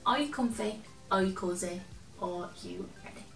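A woman reading a picture book aloud to children, gentle and expressive, chatting now and then to a toy companion. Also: medium pitch, normal speed, gravelly, far from the mic, music in the background. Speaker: children's storyteller. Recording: roomy echo, from off the mic.

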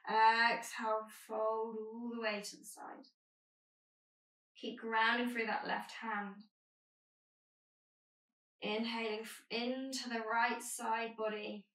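A woman leading a yoga flow with calm, gentle cues, her voice a touch high. She sounds a little off the mic in an echoey room. Soft music plays behind her. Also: slow, pauses often, distant mic. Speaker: yoga teacher. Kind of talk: guided yoga instruction.

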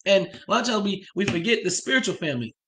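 A quick-talking man with a fairly high voice, co-teaching a church course over a live stream. He is enthusiastic and preacherly, breaking off to speak to the viewers at home. His talk runs on and stays eager. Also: big pitch swings, background noise. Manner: enthusiastic, preacherly interjections and asides; speaks to online viewers directly.

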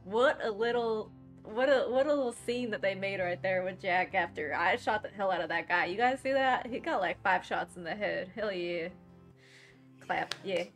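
A woman streaming a video game, chatting excitedly in a deliberately bad put-on accent. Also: medium pitch, faint music behind. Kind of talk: live game commentary.

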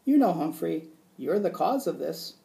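A man voicing a kind, cheerful woman teacher who tells her story in a lively way. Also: fairly high pitch, moderate pace, creaky. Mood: glad.

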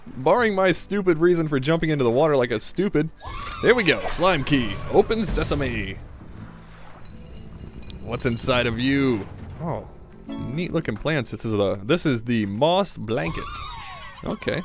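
A man giving casual, self-mocking commentary while playing a video game, reacting excitedly to each new find. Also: medium pitch, measured pace, long pauses, over music. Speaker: gaming video host.

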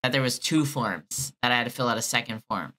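Speaking fairly quickly in an extremely low, slightly bright voice, a woman toys with a phone scammer. Her tone is sarcastic and teasing as she pretends to be naive.

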